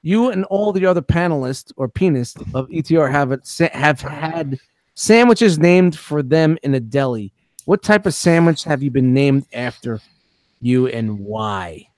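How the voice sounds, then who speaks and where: A man's voice: fairly high pitch, expressive, unhurried, darkish tone, no room sound, clean studio sound. A man hosting a casual podcast, joking, swearing freely and reading out viewer questions. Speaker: podcast host.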